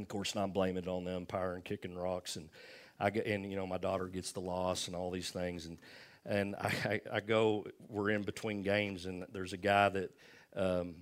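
A middle-aged pastor, telling a self-deprecating story in a folksy, animated sermon. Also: male voice, deep voice.

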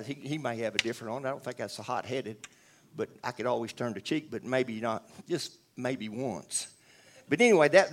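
Man, church testimony, earnest, conversational, lots of restarts and asides to the room. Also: mid-range voice. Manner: rambling, earnest, with many restarts and asides to the audience. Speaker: church member giving testimony. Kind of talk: spoken testimony.

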